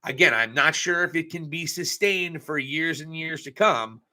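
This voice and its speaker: Brief: young man, bright cutting tone, fairly high voice, blunt and crude wrestling-recap host, live casual chat. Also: moderate pace. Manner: blunt, profane, joking asides. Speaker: wrestling show reviewer.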